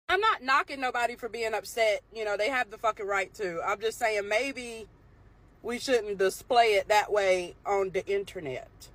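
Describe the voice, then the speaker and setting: A woman's voice: fairly high pitch, unhurried, a bit bright. A woman ranting casually to camera, swearing often and breaking into incredulous laughter. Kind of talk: profane casual rant to camera.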